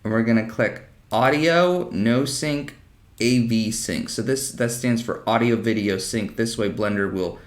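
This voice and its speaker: A man hosting a casual animation software tutorial at a desk mic, chatty and self-deprecating. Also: medium pitch, measured pace. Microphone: desk microphone. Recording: roomy echo in home room.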